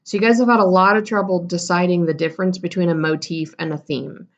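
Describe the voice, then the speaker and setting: A woman's voice: lowish voice, steady tone, quick pace, lo-fi sound. A woman teacher giving a casual recorded lesson, explaining terms and correcting herself as she goes.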